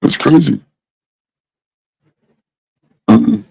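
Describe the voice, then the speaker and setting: A man's voice: high voice, sing-song, very slow, vocal fry, a little mellow, slightly rough, dry recording, low-quality recording. A man ranting casually in an exasperated, profane way, repeating himself. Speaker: vlogger. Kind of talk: casual rant.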